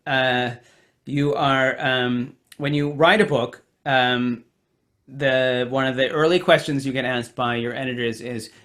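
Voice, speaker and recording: Author guest, American man, nasal, halting with fillers, video call. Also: medium pitch, sharp tone. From United States. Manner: hesitant, many fillers. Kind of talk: virtual event conversation. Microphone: home computer mic on video call.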